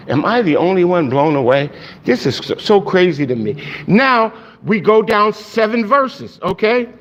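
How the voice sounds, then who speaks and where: High-voiced emphatic preacher man. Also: a little slow, highs cut off. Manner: excitable, emphatic, pitch swings up when stressing points. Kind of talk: sermon. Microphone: handheld microphone.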